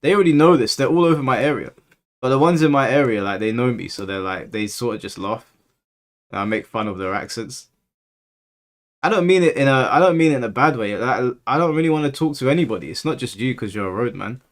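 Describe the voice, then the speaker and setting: A man's voice: mid-range voice, quick pace. London man rambling through stories. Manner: rambling storyteller, acts out quoted speech. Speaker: livestream host. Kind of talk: casual livestream chat with viewers.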